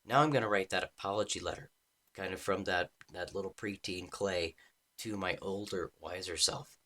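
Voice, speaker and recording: A man's voice: sits low, normal speed, bright, forceful tone. A man working as a relationship coach, telling a personal story and reading out a letter he wrote to himself, in an earnest way. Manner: earnest, reads his own letter aloud with feeling.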